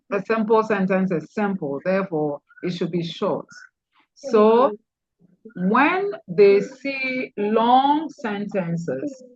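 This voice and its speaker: A woman's voice: medium pitch, no room sound, dull audio. A woman lecturer teaching an online class, calling on students and repeating key points to stress them.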